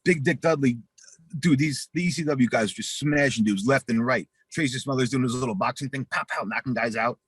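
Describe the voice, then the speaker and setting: A husky-voiced man spins a rowdy, profane story in an interview, acting out everyone's lines as he goes. His voice sounds dry and close. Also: medium pitch, brisk, dry recording. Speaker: interview guest.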